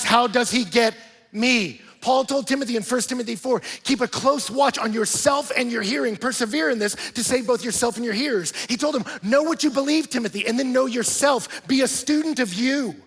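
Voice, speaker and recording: A man preaching in a large church auditorium, his husky voice carrying long reverb from the room. He talks to the congregation in a lively, conversational way, tossing in playful asides, and his voice sits high for a man. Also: a little fast, few pauses. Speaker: pastor. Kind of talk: sermon.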